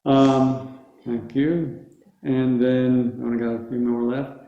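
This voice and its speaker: A man teaching Sanskrit pronunciation to a group, slowly drilling each syllable and patiently correcting vowels. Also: medium pitch, little pitch movement. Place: room with a group of students. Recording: dull, echoey room recording.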